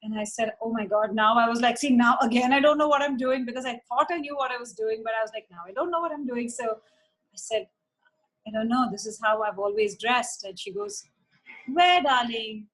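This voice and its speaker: A woman's voice: a little high, fairly quick, fairly bright tone, rough recording. A woman, chatting as an interview guest and retelling old stories with quoted voices. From India. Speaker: interview guest, former model. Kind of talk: casual storytelling.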